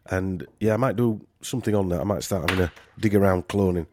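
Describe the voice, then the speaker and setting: A man's voice: deep voice, fast talker, noisy background. A man with a Yorkshire accent hosting a casual podcast chat, rambling and joking with lots of fillers. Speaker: podcast host.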